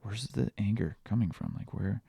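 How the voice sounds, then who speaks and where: A man's voice: lowish voice, very animated, moderate pace, vocal fry, mellow, slightly rough, dry recording, muffled recording. A young man hosting a podcast, telling candid, self-deprecating stories in a confessional, casual way. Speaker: podcast host. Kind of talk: casual personal podcast talk.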